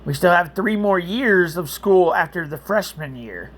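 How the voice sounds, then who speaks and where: A man reading a second-person story to viewers in an earnest, gentle way, with chatty asides. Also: sits high, expressive, a little slow. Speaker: storyteller and channel host.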